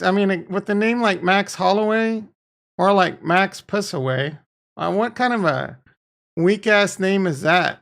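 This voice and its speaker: Man, crypto livestream host, gravelly voice, loose profane rambling, chatting with viewers. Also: high-pitched, fairly bright tone. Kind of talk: casual livestream chat reading viewer comments.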